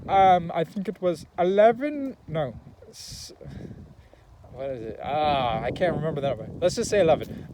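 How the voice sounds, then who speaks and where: A man's voice: fairly high pitch, lively intonation, normal speed, noisy background. Chatty young man recapping a film. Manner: rambling, laughing movie recap full of fillers. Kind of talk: casual chat.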